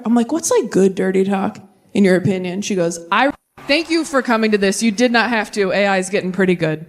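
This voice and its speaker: A young adult woman performing a stand-up comedy set, animated, slipping into quick voices for the people in her stories. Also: medium pitch. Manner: animated, slips into quick voices for friends, babies and her dad. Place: live comedy venue with audience.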